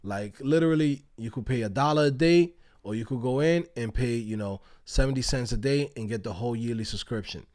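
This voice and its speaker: A man's voice: mid-range voice, fairly quick, few pauses. A man, hosting a casual livestream, telling stories with lots of swearing and laughter. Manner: animated, profane, laughing storyteller. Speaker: livestream host. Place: outdoors.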